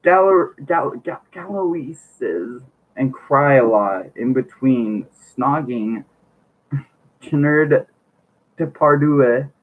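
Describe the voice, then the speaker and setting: A man's voice: medium pitch, animated, very slow. A man reading a book aloud on his channel, stumbling over words and breaking off for wry joking asides. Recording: tinny lo-fi mic, faint hiss.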